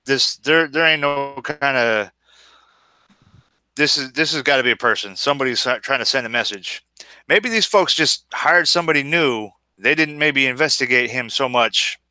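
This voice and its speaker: Man, tabletop player, rambling folksy talk, smooth bright tone. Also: mid-range voice, normal speed, dry recording. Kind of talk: casual chat as a tabletop player.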